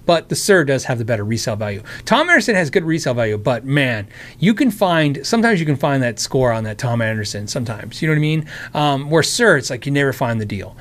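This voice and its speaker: This man's voice sits on the high side with a fairly bright tone. He's an American hosting a laid-back live stream, wandering through chat's guitar questions in a warm, rambling manner with many restarts and asides, and he sounds tired and worn.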